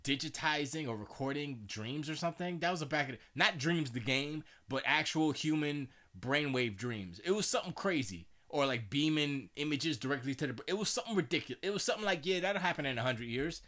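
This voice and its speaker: A man's voice: a little high, animated, a little fast, few pauses, fairly bright tone. A man hosting a live stream, chatting casually in a rambling way with many restarts and stammers.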